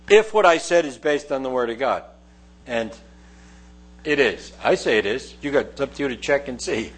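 A man's voice: medium pitch, breathy edge. A man preaching a verse-by-verse sermon from a lectern, earnest and emphatic, repeating key phrases. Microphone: lectern microphone. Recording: mains hum in background.

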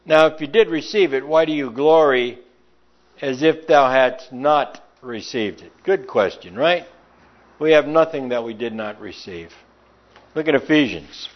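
Folksy preacher with a lively voice. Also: male voice, medium pitch, measured pace, lo-fi sound. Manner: folksy storytelling, emphatic. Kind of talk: sermon.

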